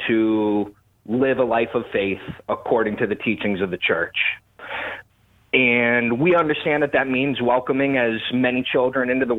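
A man from Connecticut calling in to a radio show, asking his question in a hesitant, halting way with repeated words. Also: medium pitch. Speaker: caller. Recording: tinny phone line.

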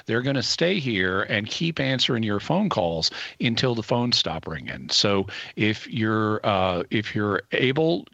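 A man's voice: medium pitch, fairly bright tone, no room sound. Male co-host, earnest pledge appeal, dry, slightly muffled radio sound. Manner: earnest, measured, quotes scripture. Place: radio studio.

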